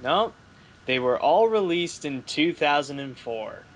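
A man's voice: fairly high pitch, very animated, a little slow. A man co-hosting a movie podcast, rambling and joking in casual chat. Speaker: podcast co-host.

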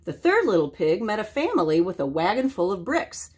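An older woman reading a children's story aloud, expressive and animated. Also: medium pitch, brisk, husky.

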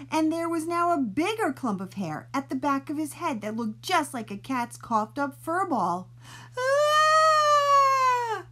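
A woman librarian reading a silly bedtime story aloud to children, playful and expressive, stretching out her words. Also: medium pitch.

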